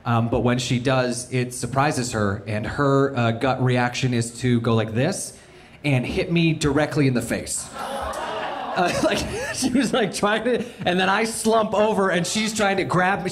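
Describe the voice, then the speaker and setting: A man from Canada, a stand-up comedian telling a story live on stage, animated, with his voice jumping up when he gets excited. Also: medium pitch, slight background noise. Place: live comedy venue with audience.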